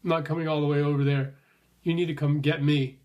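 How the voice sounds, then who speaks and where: A man's voice: a little high, flat delivery, fast, a little mellow, dull audio, close to an everyday voice. A man voicing his stubborn female house cat, who bossily refuses to come over and demands to be fetched. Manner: bossy, dismissive.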